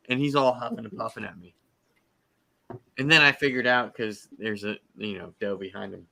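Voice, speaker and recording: A man's voice: fairly low pitch, steady tone, normal speed, gravelly, bright, forceful tone, a little hiss or hum. A man telling a hunting story in casual chat, rambling with many ums and likes.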